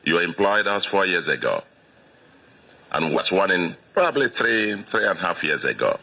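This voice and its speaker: Deep-voiced Nigerian man giving a speech. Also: very animated, bright, forceful tone, rough recording. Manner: halting, repeats phrases for emphasis. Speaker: state governor. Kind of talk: victory speech.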